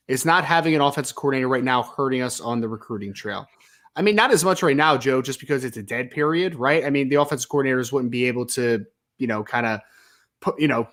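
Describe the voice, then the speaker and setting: A man's voice: mid-range voice, a bit bright. A man co-hosting a football podcast, reading a listener question and explaining recruiting in an easygoing, casual way. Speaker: podcast co-host. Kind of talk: casual sports podcast chat.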